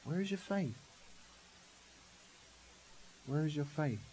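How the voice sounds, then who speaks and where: A man preaching, voicing a calm Jesus who speaks softly and low. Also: brisk, slight background noise, lightly acted.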